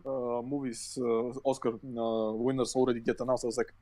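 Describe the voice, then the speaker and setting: A man co-hosting a casual podcast, his voice sitting at an ordinary middle pitch. He rambles through his points with plenty of swearing, fillers and false starts. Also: little pitch movement, normal speed, dark tone, low-quality recording. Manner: rambling, profane, lots of fillers and restarts. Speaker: podcast co-host. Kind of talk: casual chat.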